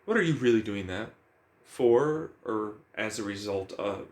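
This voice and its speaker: A man's voice: fairly low pitch, animated, measured pace, a little mellow. A man talking bluntly about emotions in a casual, profane monologue, firing questions at himself.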